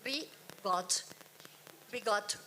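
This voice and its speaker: A woman speaking on a conference panel in a deliberate, emphatic way. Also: mid-range voice, background noise.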